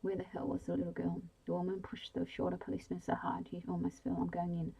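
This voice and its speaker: A woman whispers a bedtime story in whispered role-play, low and breathy. Her voice has a gravelly edge and a dark, mellow tone. She reads slowly and evenly, with a few slips along the way. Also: monotone, rough recording. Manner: slow, soothing reading with small slips.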